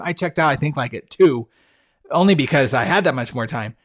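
A man's voice: on the high side, fairly bright tone. A man hosting a podcast on his own, talking casually and with enthusiasm, full of fillers and restarts as he tells stories. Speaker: podcast host. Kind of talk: casual solo podcast talk.

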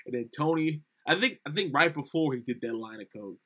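A man's voice: on the high side, animated, fairly quick, sharp tone. A young man co-hosting a casual film review podcast, animatedly retelling scenes and acting out lines. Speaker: podcast co-host.

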